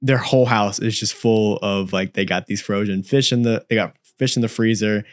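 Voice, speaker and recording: A young man talks as a guest in a casual podcast chat, with a fairly low voice. He is earnest and easygoing and laughs often. His voice sounds dry and close. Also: fairly even intonation, normal speed, dry recording. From United States, Italian family. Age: young adult.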